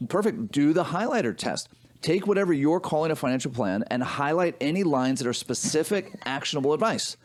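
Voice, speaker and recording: A man co-hosts a financial advice podcast as a financial advisor, making his points emphatically and frequently checking in with "right?" in a casual business chat. His voice is a little high, animated and fairly quick.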